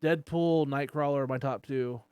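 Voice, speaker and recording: A man chatting casually on a podcast, excited and rambling, with lots of "like". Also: medium pitch, normal speed, smooth, no room sound, faint music behind. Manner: excited and rambling, heavy use of "like".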